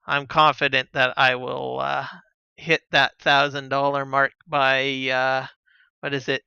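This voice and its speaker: Slow-talking man streamer, bright smooth voice. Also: medium pitch, no echo, highs cut off. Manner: relaxed, rambling, many fillers and soft chuckles. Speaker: gaming streamer. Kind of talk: casual live-stream chat while playing.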